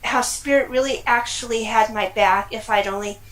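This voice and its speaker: A middle-aged woman from California telling her personal story in a casual, animated way, laughing often and exclaiming. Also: a little high, moderate pace, poor audio. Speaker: guest.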